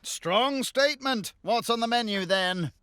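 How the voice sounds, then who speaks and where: Deadpan comic narrator, lively pitch. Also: male voice, unhurried, clean tone, no room sound, clean studio sound. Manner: deadpan, sarcastic quips. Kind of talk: dry comic voice-over narration.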